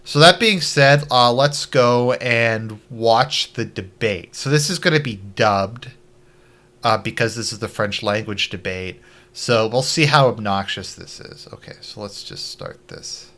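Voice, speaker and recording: Canadian male streamer, casual and blunt commentary, bright tone. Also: medium pitch, unhurried. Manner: blunt, offhand, profane asides.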